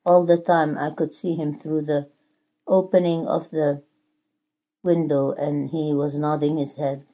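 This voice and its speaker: A woman's voice: sits low, flat delivery, a little slow, dull audio. A woman voicing a suffering clay teacup that pleads and cries out as it is shaped, in a sermon story. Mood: anguished. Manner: pleading, crying out.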